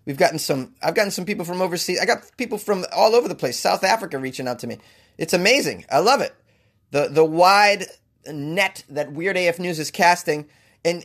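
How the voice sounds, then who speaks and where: A man's voice: high voice, expressive, a little fast, fairly bright tone. A man hosting a comedy podcast, riffing in a jokey, rambling way with self-mocking asides. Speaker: podcast host. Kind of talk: casual comedic monologue.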